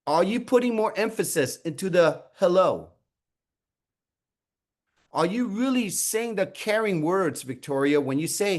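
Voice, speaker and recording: A man's voice: high-pitched, a little slow. A man leading a sales training on a video call, asking his team rhetorical questions and acting out sample conversations. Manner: animated, asks many rhetorical questions, acts out sample conversations. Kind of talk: coaching on a group call, calling on people by name.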